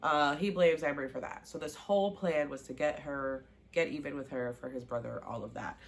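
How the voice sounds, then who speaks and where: A deep, creaky voice moving a little fast belongs to a woman recapping a TV season for her vlog. She's casual and animated, performing characters' dialogue and gushing over the scenes she loves.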